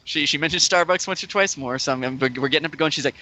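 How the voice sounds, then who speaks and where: A man in casual podcast chat, telling an animated story full of "like" and swearing, often acting out what people said. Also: fairly high pitch, racing. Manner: animated, heavy use of "like", swears freely, acts out quoted voices.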